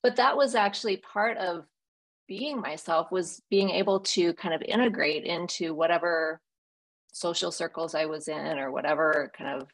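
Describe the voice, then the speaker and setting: A woman's voice: lowish voice, normal speed, poor audio. A woman hosting a casual conversation, talking in a reflective, thoughtful way.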